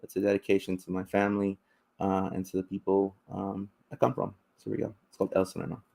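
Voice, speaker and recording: A man's voice: sits low, completely flat delivery, fast talker, gravelly. Man performing rhythmic spoken-word poetry. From east side of Los Angeles. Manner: rhythmic, incantatory delivery with repeated refrains; swings between hushed and loud passages. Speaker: poet.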